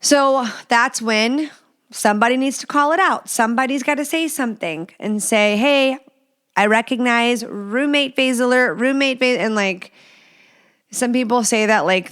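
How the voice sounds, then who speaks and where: A woman hosting a casual podcast, speaking bluntly and swearing without a second thought. Her voice is smooth and clean, and her pitch sits in the middle range. She talks in a loose, chatty way, full of "like" and "you know.". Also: normal speed, fairly bright tone. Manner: frank and blunt, swears freely; chatty with many fillers. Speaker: podcast host. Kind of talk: casual chat answering listener questions.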